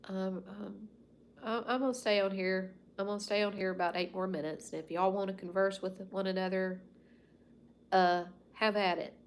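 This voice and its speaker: A woman's voice: mid-range voice, slight background noise. A Southern US woman in her fifties rambling folksily as she hosts a casual livestream chat from home. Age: 50s. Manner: rambling and folksy, with soft asides. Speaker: livestream host. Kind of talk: casual chat with live viewers.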